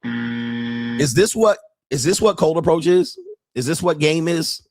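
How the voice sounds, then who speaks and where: A man's voice: fairly high pitch, a little slow, a little mellow, no room sound, clean studio sound. A man streaming reaction commentary on street pickup videos, blunt and profane, laughing often as he mocks what he watches, speaking.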